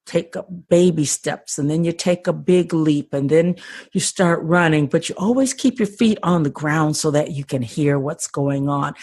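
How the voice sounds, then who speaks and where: Older lady guest on a podcast, low raspy voice, passionate, keeps restarting phrases. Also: a little mellow, no room sound, studio quality. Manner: earnest, passionate, repeats words when starting phrases. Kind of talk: conversational interview.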